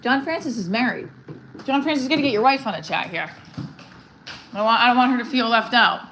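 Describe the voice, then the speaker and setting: A woman stand-up comedian chatting casually on a livestream, excitable and swearing freely. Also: fairly high pitch, fast talker, echoey room, slight background noise, rough recording.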